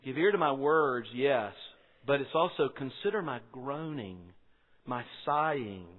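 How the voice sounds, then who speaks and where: A man's voice: medium pitch, lively intonation, a little slow. A man preaching a sermon, emphatic, repeating key lines and asking rhetorical questions. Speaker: pastor. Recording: phone-like sound with long hall reverb.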